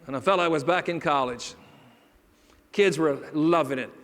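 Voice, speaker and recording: A man's voice: fairly high pitch, moderate pace, fairly bright tone. A middle-aged man telling a personal story in a motivational speech, acting out the voices of the people in it. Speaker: motivational speaker. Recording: long hall reverb.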